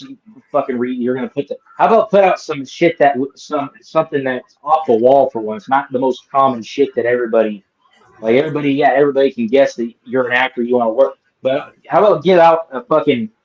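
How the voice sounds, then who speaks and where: A man hosting a casual live-stream chat, ranting with lots of swearing and mocking people by putting on silly voices. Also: mid-range voice. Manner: profane, ranting, mocks people in put-on voices. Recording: dull lo-fi sound.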